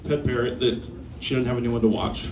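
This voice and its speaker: At a small bar open mic, the comedy night's host rattles off bad jokes in a loose, chuckling manner, impersonating their characters for the live audience. He sounds steady and mid-range, talking a little fast, distant from the mic amid background noise in the room's roomy acoustics.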